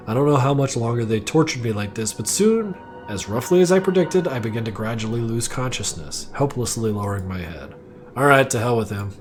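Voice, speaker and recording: A man streaming live, reading a first-person story aloud dramatically, now and then stumbling and correcting himself. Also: medium pitch. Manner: reads aloud with occasional slips and self-corrections.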